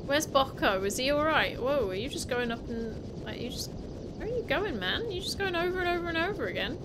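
Against a noisy background with game music, a woman with a high, sing-song voice talks fairly quickly through her let's-play. The gaming YouTuber chats, thinks aloud, and cusses playfully.

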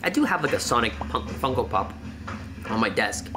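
A man hosting a horror reaction video, talking excitedly, laughing and breaking into startled yells. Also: mid-range voice, normal speed, noisy background.

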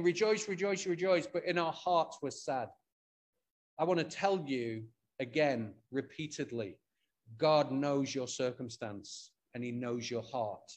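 A man with an English accent preaching a sermon as pastor, retelling a Bible story expressively and with humour. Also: fairly high pitch. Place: church.

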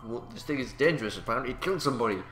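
A man's voice: medium pitch, expressive, racing, fairly bright tone, roomy sound. A man casually commentating a game, playful and jokey, swearing and reacting as he plays. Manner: playful, jokey, swears, does silly voices. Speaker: let's play host.

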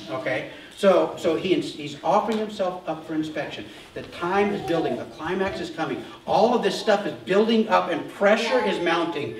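A man preaching a sermon as pastor, telling the story with animated asides and acted-out voices. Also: a little high, normal speed, few pauses, echoey room, distant mic, poor audio. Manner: animated storytelling, acts out voices of crowds and leaders. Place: church.

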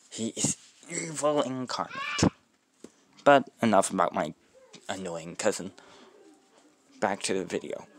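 A man casually narrating a homemade fan story, rambling off on tangents with halting restarts. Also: on the low side, a bit bright, a little hiss or hum.

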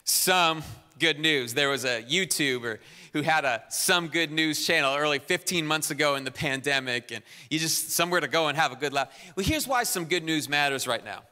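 A fairly high-voiced man preaches in a large hall, his bright, forceful tone trailing long reverb. He exhorts the room with energy, rallying the church as its pastor. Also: lively intonation, brisk, soft background music. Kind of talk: sermon announcements. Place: church auditorium.

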